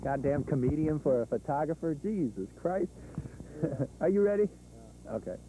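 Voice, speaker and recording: A man's voice: fairly high pitch, lively intonation, moderate pace. A man doing repeated on-camera reporter takes, counting down, cursing under his breath and cracking up. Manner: counts down takes, breaks into giggles, swears. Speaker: TV news reporter. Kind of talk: on-camera stand-up outtakes. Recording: noisy 1980s field tape.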